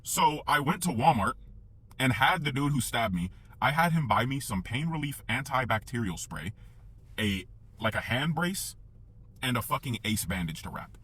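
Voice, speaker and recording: A young man telling a personal story in a casual, profane, animated way, acting out the sounds as he goes. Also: mid-range voice, moderate pace, breathy edge.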